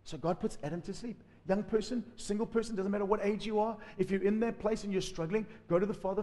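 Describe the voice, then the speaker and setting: A man preaching a sermon as pastor, lively, acting out quotes. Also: sits high, quick pace, few pauses, long reverb tail. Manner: animated preaching with acted-out quotes.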